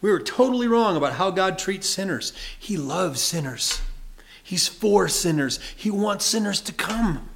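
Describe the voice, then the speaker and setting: A man's voice: high-pitched, lively intonation, a little slow, gravelly, a bit bright, slight background noise. A man preaching a sermon in an earnest, emphatic manner, often breaking into light laughs. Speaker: pastor.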